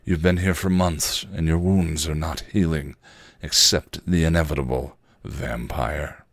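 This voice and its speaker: A man putting on a booming mocking demon. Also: fairly even intonation, gravelly, no room sound, studio quality, heavily acted. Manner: booming, slow and menacing. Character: deep mocking ancient male demon in a cave.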